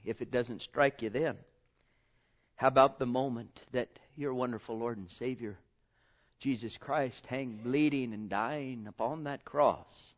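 A man preaching a sermon, reading scripture and swinging from booming to hushed, drawing out his words. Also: a little slow. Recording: dull lo-fi sermon recording.

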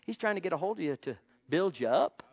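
A man preaching a sermon, calling out to the congregation and swinging between soft pleading and loud, impassioned exclamation. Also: high voice, expressive, fast talker, slightly rough. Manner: calls out to the congregation. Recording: dull lo-fi sound.

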